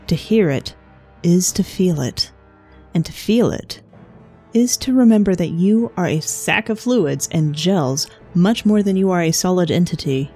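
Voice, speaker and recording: A woman reading a science fiction story as narrator in a measured, even manner. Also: on the low side, slightly rough, soft background music.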